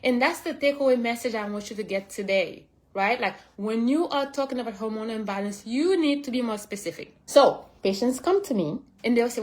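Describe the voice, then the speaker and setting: A woman's voice: on the high side, animated, brisk, hardly any pauses, a little mellow. A woman doctor giving a live-streamed health talk, speaking emphatically, repeating her key points and addressing viewers directly. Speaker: holistic functional medicine doctor.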